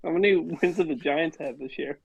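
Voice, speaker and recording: A man's voice: a little high, moderate pace, gravelly, dull audio. A man co-hosting a sports podcast, making dry, wry remarks. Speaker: podcast co-host. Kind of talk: casual sports chat.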